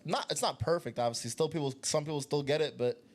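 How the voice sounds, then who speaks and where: A man's voice: on the high side, fast. A man co-hosting a podcast, chatting casually and with strong opinions, often laughing. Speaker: podcast co-host. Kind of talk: casual chat.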